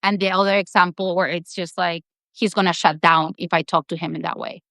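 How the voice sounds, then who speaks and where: Hesitant woman host with a low, dry voice. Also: fairly even intonation, a little fast, pushed and bright, no echo. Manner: hesitant, searches for words. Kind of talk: casual interview questions.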